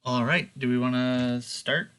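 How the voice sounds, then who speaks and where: A man runs a tabletop game at an unhurried pace. He narrates the scene haltingly, pausing often with ums and likes. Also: medium pitch, steady tone, a bit bright, clean tone. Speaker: game master.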